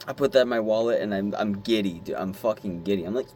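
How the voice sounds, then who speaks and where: A young man vlogging at his desk, telling a story in a rambling, animated way, swearing now and then and squealing when he acts out his excitement. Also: on the low side, a little fast. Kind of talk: casual talk to camera.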